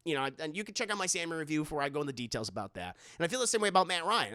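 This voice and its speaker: A man's voice: fairly high pitch, big pitch swings, racing, sharp tone, no echo, studio quality. A man live-streaming, rambling through casual commentary and reading out his chat, often stumbling and repeating words.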